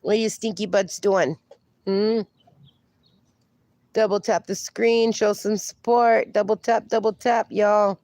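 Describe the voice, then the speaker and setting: A woman's voice: medium pitch, fairly even intonation, a little slow, pauses often, darkish tone, no room sound. A woman livestreaming in a casual, chatty way, reading viewer comments aloud and calling viewers darling. She is in some pain and sounds slightly strained. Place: outdoors.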